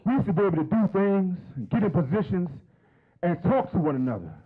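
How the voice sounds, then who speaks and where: A man's voice: sits high, lively intonation, brisk, breathy edge, narrow, tinny audio. A man in his fifties doing a stand-up comedy set on stage, chatty and teasing the crowd with questions. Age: 50s.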